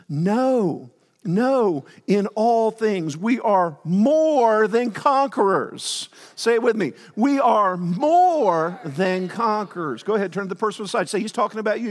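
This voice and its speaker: Rambling pastor in a reverberant church. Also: male voice, a little high, creaky. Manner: rambling, self-interrupting, with joking asides. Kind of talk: sermon. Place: church sanctuary. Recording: long hall reverb.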